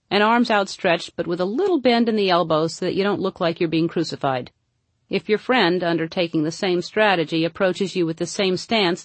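A woman narrates her humorous audiobook in a wry, dry comic manner. Her voice sits a little low, and it is recorded close with no room echo at all. The delivery stays steady and knowing as she reads.

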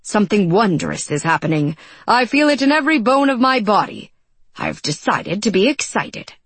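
A woman's voice: medium pitch, big pitch swings, moderate pace, a bit bright, husky, dry recording, full character voice. A woman voicing a fervent, earnest believer in miracles.

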